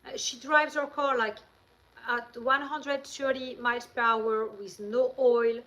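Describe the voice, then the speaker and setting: A woman's voice: fairly high pitch, fairly even intonation, measured pace, fairly bright tone, low-quality recording. A woman from France with a French accent, hosting a live stream and telling rambling, chatty stories into her handheld phone. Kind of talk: casual live-stream chat.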